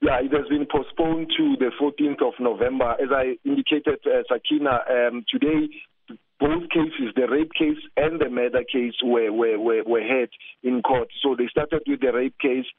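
A man's voice: mid-range voice, expressive, vocal fry, no echo. Guy reporting over the phone, dry sound, keeps saying uh and repeating words. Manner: halting, many fillers and repeated words. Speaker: field reporter. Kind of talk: live news report by phone. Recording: tinny phone line.

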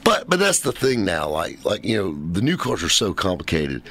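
Joking low-voiced man host. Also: wildly swooping pitch, normal speed, a bit bright. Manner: rambling, joking, many fillers. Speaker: podcast host. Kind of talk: casual chat.

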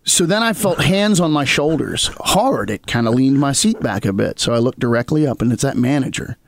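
A man co-hosting a podcast in casual chat, telling a story with animated energy and acting out the people in it. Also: mid-range voice, brisk, dry recording, clean studio sound. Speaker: podcast co-host.

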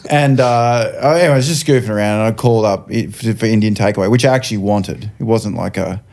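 A man's voice: on the low side, quick pace, a little mellow. A man in his forties, a comedian guest telling a rambling story and laughing often in casual podcast chat. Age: 40s.

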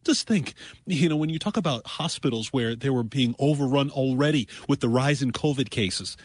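A man's voice: mid-range voice, moderate pace, slightly rough, dry recording. A man representing a charity on a radio show, making an urgent, emphatic fundraising appeal and thanking callers.

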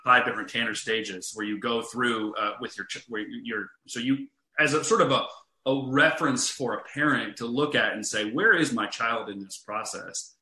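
Guy guesting on a parenting podcast, bright tone, echoey room, keeps restarting sentences. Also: mid-range voice, moderate pace. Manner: earnest, restarts often, amused when telling stories. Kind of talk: conversational podcast talk.

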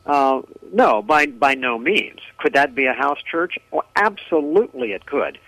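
A man's voice: mid-range voice, lively intonation, a little slow, pushed and bright, dry recording, poor audio. A man, a pastor interviewed as a guest on radio, answering thoughtfully with frequent ums, uhs and restarts.

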